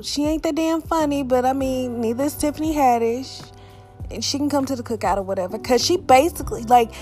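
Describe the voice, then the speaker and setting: Brief: young woman vlogger, outspoken and profane, higher voice, faint music under her. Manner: blunt, profane, animated. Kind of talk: casual opinion rant.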